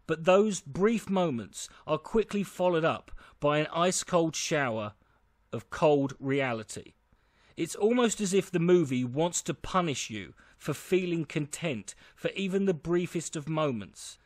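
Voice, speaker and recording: A man reads a scripted film review in a measured way, answering his own rhetorical questions. His voice sits a little high. The recording is close and dry. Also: dry recording.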